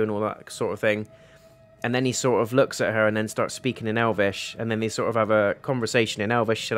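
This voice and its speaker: Man, slightly low voice, casual TV review, rambling plot recap, blunt, occasional swearing. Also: fairly even intonation, quick pace, faint music behind. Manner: rambling plot recap with paraphrased quotes and fillers. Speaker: TV reviewer, channel host. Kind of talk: casual spoken TV episode review.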